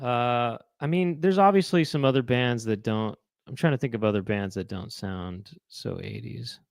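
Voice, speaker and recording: A man's voice: mid-range voice, sing-song, moderate pace, clear, resonant tone, no room sound, studio quality. A man hosting a live online chat show, musing aloud to viewers in a rambling way, with many fillers and restarts. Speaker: host.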